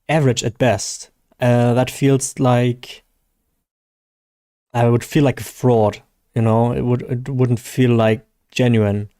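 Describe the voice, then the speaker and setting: A man's voice: mid-range voice, dark tone, dry recording, clean studio sound. A man from Germany with a German accent, hosting a casual live gaming stream, hesitant and self-deprecating with many fillers and restarts.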